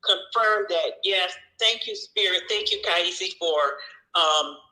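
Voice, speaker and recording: A woman from Savannah, sharing in a halting, grateful, chatty way on a group call. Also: on the low side, bright, forceful tone, echoey room, low-quality recording. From Savannah, Georgia, US. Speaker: group participant.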